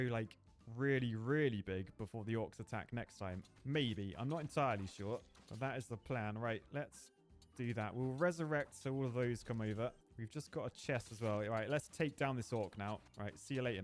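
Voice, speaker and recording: A young man giving chatty, excitable live commentary while he plays a strategy game, joking as he goes. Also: mid-range voice. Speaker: gaming streamer. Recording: faint music behind the voice.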